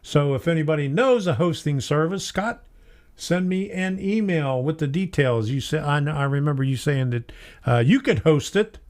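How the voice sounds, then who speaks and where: A man's voice: a little high, animated, moderate pace, darkish tone. A middle-aged man hosting a casual hobby live stream, chatty, laughing often and reading viewer comments aloud. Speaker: host of a model train live stream.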